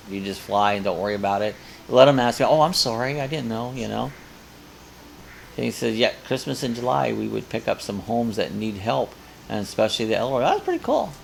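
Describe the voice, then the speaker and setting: Man, older, host, live coffee chat, rambling, gravelly, lowish voice. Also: slight background noise. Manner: chatty, rambling, reads comments aloud. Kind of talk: casual live-stream chat reading viewer comments.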